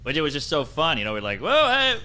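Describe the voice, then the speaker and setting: A man from Louisiana, a comedian telling a wild story as a podcast guest, animated and bursting into yelled exclamations. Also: mid-range voice, racing. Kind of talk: comic storytelling.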